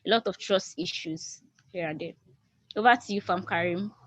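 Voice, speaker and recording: A woman's voice: fairly low pitch, moderate pace, a bit bright, no room sound. A woman moderating a video call Q&A, reading questions aloud with hesitant restarts. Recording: dull lo-fi video call audio.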